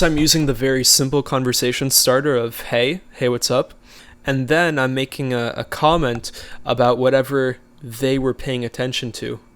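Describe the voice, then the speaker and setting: Smooth-voiced man giving relaxed advice. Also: medium pitch. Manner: relaxed, conversational, with frequent fillers. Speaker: social skills coach. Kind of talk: casual instructional talk.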